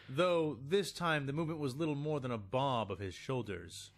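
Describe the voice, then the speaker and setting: A man narrating a fan-made sci-fi story in a dramatic, expressive storytelling manner. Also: medium pitch, moderate pace. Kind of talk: scripted narration of fan fiction.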